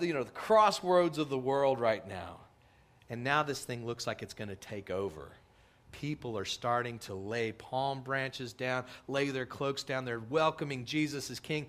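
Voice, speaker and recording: A middle-aged man preaching a sermon as a pastor, animated, acting out quotes with big swings in pitch and loudness.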